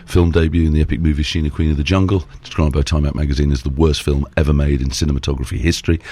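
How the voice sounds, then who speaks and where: A man's voice: a bass voice, steady tone, rapid-fire, dark tone, no room sound. A middle-aged man, a presenter and auctioneer, telling long self-deprecating stories in casual chat.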